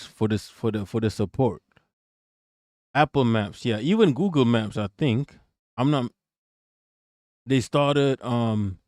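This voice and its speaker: Hosting a casual livestream, a man with a mid-range voice reacts to a video and shouts out his chat using slangy, profane language, recorded at studio quality with no room sound.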